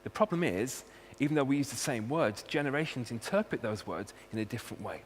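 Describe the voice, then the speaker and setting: A man's voice: mid-range voice, lively intonation, fairly quick. A man with a Welsh accent, a university researcher giving a humorous talk and hitting key words with punchy emphasis. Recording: long hall reverb, faint hum.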